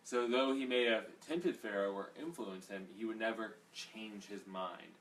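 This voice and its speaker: A man's voice: lowish voice, measured pace, a bit bright. A man teaching a casual Bible study in a rambling, conversational way, full of fillers. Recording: distant mic, faint background noise.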